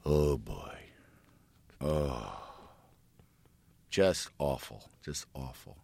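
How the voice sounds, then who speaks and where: A man's voice: extremely low pitch, extremely slow, gravelly, warm tone. A middle-aged man in casual chat, telling family stories in a rambling way with many restarts.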